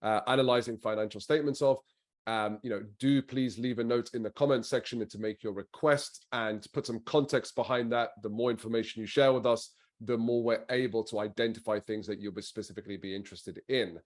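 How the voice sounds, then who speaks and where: A man co-hosting a show, wrapping up in a conversational, slightly halting way. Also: mid-range voice, steady tone. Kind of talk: casual show outro.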